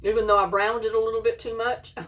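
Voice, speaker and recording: A woman's voice: fairly high pitch, level tone, quick pace, fairly bright tone, recorded from a distance. A woman, chatting folksily in a home cooking vlog and tasting her food as she talks. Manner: folksy, chatty, eats while talking.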